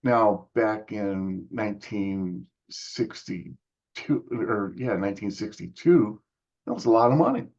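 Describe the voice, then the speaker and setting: Older man telling a lively story. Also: slow pace, muffled recording. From United States. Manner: animated storyteller, acts out others' lines in higher voices. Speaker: musician guest. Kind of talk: casual storytelling interview.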